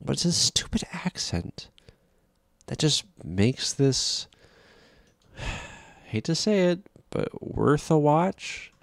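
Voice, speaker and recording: A man's voice: fairly high pitch, sing-song, slow, vocal fry, long pauses, no room sound, clean studio sound. A man giving a casual, rambling film review, exasperated and profane, with frequent restarts.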